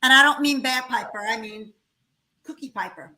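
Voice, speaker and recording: Upbeat lady chef chatting, high voice, really bright. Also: normal speed, poor audio. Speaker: chef guest. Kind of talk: casual chat.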